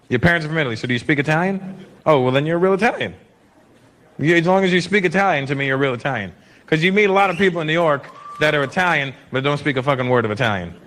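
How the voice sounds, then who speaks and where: A man from Canada doing stand-up comedy, chatting playfully with the crowd in an animated way. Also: fairly high pitch, slight background noise.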